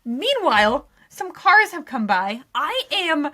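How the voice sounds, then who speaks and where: Young woman podcast host, high bright voice, animated breathless storyteller who keeps laughing. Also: slow pace. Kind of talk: casual storytelling chat.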